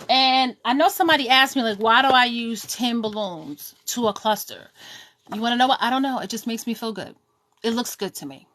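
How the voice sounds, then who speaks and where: A woman's voice: fairly high pitch, fairly bright tone. A middle-aged woman from Brooklyn with a New York accent, hosting a casual live-stream balloon tutorial, chatty and sassy, calling out viewers by name. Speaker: balloon decor tutorial host.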